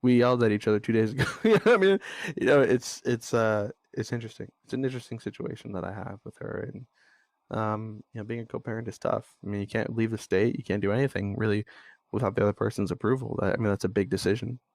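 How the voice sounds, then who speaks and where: A man's voice: lowish voice, steady tone, quick pace, vocal fry, darkish tone, no echo, studio quality. A young man hosting a podcast, talking bluntly and venting about co-parenting, swearing freely and getting exasperated. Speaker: podcast host. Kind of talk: candid monologue.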